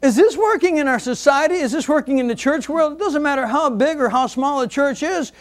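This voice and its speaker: A man preaching a sermon, asking the congregation questions and moving between loud exclamations and quiet asides. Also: very high-pitched, animated, brisk. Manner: asks the congregation rhetorical questions.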